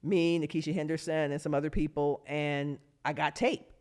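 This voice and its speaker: A lively woman in her fifties spins anecdotes in a podcast interview. She laughs easily and acts out the voices of people she quotes, leaping up in pitch for them. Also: normal speed, smooth. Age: 50s. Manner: animated, acts out quotes with big pitch jumps, laughs often. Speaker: guest, former pro basketball player.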